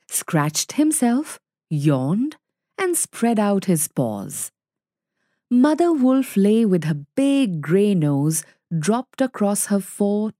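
A woman reading a story aloud clearly and expressively for learners to follow. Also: mid-range voice, mellow, no room sound, clean studio sound. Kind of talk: slow read-aloud for learners.

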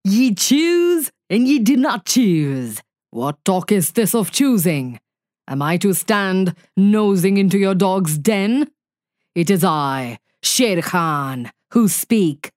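A woman voicing a savage, arrogant male tiger in a read-aloud story, drawn-out and domineering. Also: deep voice, animated, darkish tone, dry recording, clean studio sound, full character voice.

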